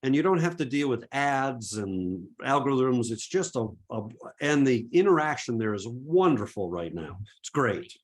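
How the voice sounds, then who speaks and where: A middle-aged man from Massachusetts with no regional accent and a medium-pitched voice. He answers audience questions in an easygoing, chatty way. He often stops and restarts his sentences and leans on fillers. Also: very animated, moderate pace, few pauses. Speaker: photography presenter. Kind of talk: webinar Q&A.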